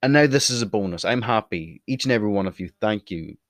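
A man's voice: lowish voice, animated, quick pace, dry recording. A young Irish man with an Irish accent, speaking casually to camera with blunt, opinionated remarks and free swearing. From Ireland. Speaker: video creator.

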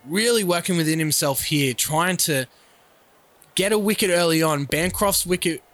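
In announcer cadence, this male play-by-play voice runs through lineups and sponsors for a simulated cricket match as mock commentary. His pitch sits fairly high, his tone is a bit bright, and he keeps a moderate pace.

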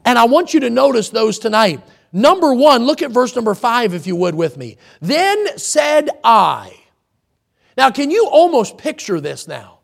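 A man's voice: extremely high pitch, very animated, moderate pace, vocal fry, hardly any pauses. A male pastor preaching a sermon in church, rising to emphatic, dramatic quotations. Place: church sanctuary.

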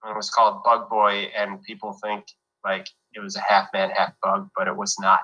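A man's voice: fairly low pitch, flat delivery, moderate pace, sharp tone, low-quality recording. A young man from New York, an actor guest telling his story in an easygoing, rambling way. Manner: easygoing, rambling with fillers and restarts. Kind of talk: casual interview chat.

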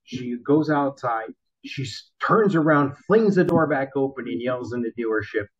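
A man casually telling a wild story from his car-selling days, animated and profane, acting out the people in it. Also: mid-range voice, normal speed, husky. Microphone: laptop built-in mic. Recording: dull lo-fi laptop mic.

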